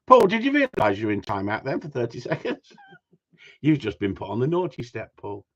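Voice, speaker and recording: A man chats to his livestream audience in a joking, teasing way, laughing often between lines. His voice sits at a middle pitch for a man. The stream audio sounds dull and lo-fi. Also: wildly swooping pitch, moderate pace. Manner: joking, banters with chat, frequent laughs. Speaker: livestream host. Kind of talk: casual livestream chat.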